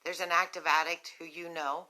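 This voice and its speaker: A West Virginian woman speaks into her phone on a live stream, low and steady in pitch, with a bright, clear tone. She is sick with a cough and has a cough drop in her mouth, and she talks slowly and gently to people struggling with addiction, filling the pauses with ums. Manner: slow, gentle and compassionate, with frequent ums. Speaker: host of a recovery nonprofit's live video. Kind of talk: earnest live-stream talk to viewers.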